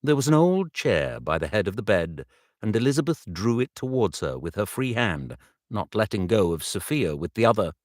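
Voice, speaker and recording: A man narrating an audiobook, reading slowly and carefully and stopping now and then to retake a line. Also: fairly low pitch, big pitch swings, no room sound, clean studio sound. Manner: slow, measured reading with retakes. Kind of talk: audiobook narration recorded live.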